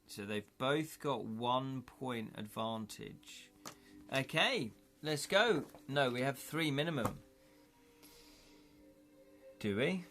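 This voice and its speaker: A man's voice: medium pitch, expressive, slow pace, long pauses, a bit bright, soft background music. A man chatting casually on a live stream as he plays through a gamebook, thinking aloud and correcting himself as he counts up dice rolls.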